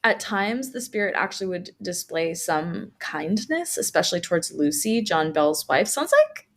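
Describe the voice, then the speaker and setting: A woman's voice: lowish voice, sing-song, moderate pace. A woman co-hosting a podcast, reading out a local legend and breaking in with casual asides and fillers. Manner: reads notes, then adds casual asides with fillers. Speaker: podcast co-host.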